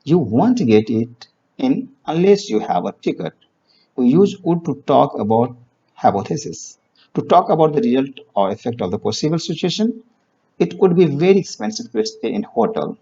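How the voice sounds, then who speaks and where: Teacher guy, goes up and down a lot, reads examples slow, kinda muffled recording. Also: medium pitch, very animated, dark tone, slightly rough. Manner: reads example sentences slowly, explains with fillers. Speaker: English grammar teacher. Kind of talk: classroom grammar lesson. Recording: dull lo-fi recording.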